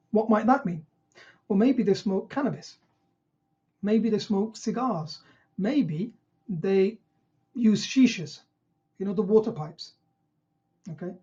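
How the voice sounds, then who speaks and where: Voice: medium pitch, dark tone, highs cut off. A GP trainer teaching an online session, who asks rhetorical questions and acts out what patients might say.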